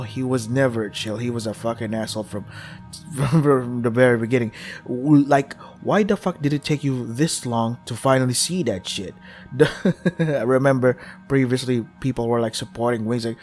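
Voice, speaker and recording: A young man reading a visual novel aloud and ranting at it, profane and exasperated, with sudden loud outbursts. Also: mid-range voice, normal speed, soft background music. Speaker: let's play streamer.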